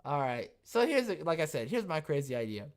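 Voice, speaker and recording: A podcast host riffing sarcastically on the news during a live show, animated and quick to laugh. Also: mid-range voice. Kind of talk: live news commentary chat.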